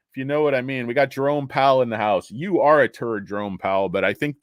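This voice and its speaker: A man's voice: mid-range voice, animated, brisk, few pauses, no room sound, studio quality. A man hosting a casual stock market talk, rambling and joking, tired from lack of sleep. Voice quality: rambling, joking, self-deprecating. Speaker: stock market commentator host.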